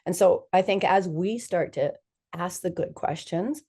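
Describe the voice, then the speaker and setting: Unhurried and mellow, with a slightly rough texture to her lowish voice, a woman physician talks as a guest on a conversational podcast interview. She acts out the dialogue she quotes with animation.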